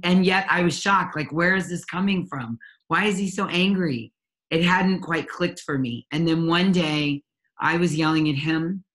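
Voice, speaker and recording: Earnest woman parent coach telling her story. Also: deep voice. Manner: earnest and candid, often pausing with ums and restarts. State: near tears at times. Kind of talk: personal story in an interview.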